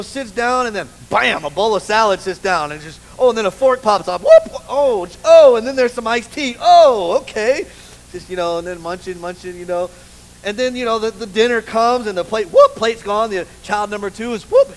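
A man preaching a sermon in church, an animated, humorous storyteller who keeps saying "you know". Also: high-pitched, rough recording. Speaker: pastor. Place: church with a live congregation.

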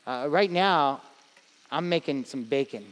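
A man's voice: on the high side, measured pace, big-room sound. A man in his thirties preaching a sermon as pastor, telling stories with humor and acting out voices. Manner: animated storytelling with acted-out voices and humor.

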